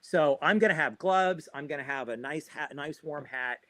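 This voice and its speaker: A man's voice: fairly high pitch, normal speed, bright, forceful tone, dry recording. A man coaching runners on a livestream, upbeat and chatty, often adding "right?" to his points. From Florida. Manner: upbeat, chatty, repeats himself with many "right?" tags. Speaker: running coach. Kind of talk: livestream guest advice.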